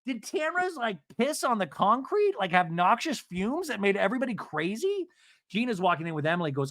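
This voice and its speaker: A man hosting a podcast, recapping a reality show in an animated, gossipy way, swearing freely. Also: sits high, brisk, dry recording, studio quality. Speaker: podcast host. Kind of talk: casual recap commentary.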